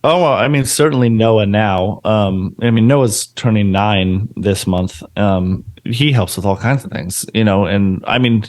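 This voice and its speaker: A man's voice: lowish voice, a little slow, hardly any pauses. A man in his thirties co-hosting a podcast, casually telling family stories and acting out quotes. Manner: animated storytelling with acted-out quotes. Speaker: podcast co-host. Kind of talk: casual chat.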